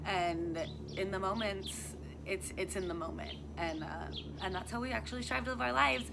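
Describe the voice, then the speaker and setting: A woman's voice: mid-range voice, normal speed, creaky, very noisy. A woman who teaches youth yoga, talking earnestly in a casual outdoor discussion and thinking aloud with plenty of fillers. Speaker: youth yoga and wellness instructor. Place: outdoors in sunny weather.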